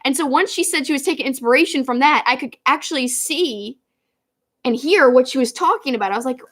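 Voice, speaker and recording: A woman co-hosting a wrestling review show, chatting casually in an animated way that drifts into tangents. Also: sits high, fairly quick.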